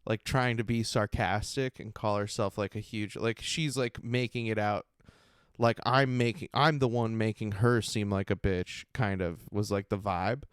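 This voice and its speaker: A man's voice: fairly low pitch, normal speed, clean tone, dry recording, clean studio sound. Laid-back man telling a comedy-gig story. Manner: animated, laughing, acts out quotes in a mocking raised voice. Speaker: podcast host and stand-up comedian. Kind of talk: casual storytelling monologue.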